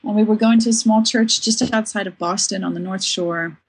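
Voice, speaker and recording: A woman's voice: medium pitch, fairly even intonation, brisk, slightly rough, rough recording. A woman guest on a podcast telling a personal story in a candid, self-deprecating way. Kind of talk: conversational storytelling.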